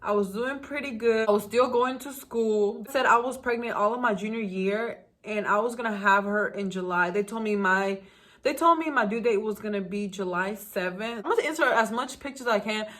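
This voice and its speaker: A woman's voice: medium pitch, fairly quick, fairly bright tone. Emotional young woman telling her story. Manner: emotional, talks straight to viewers. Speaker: vlogger. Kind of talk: casual storytime.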